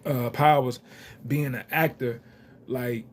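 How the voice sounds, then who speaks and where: A man's voice: mid-range voice, fairly even intonation, slow pace, slight background noise. A young man giving rambling, casual commentary with loose slang and lots of fillers. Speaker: reality TV commentator.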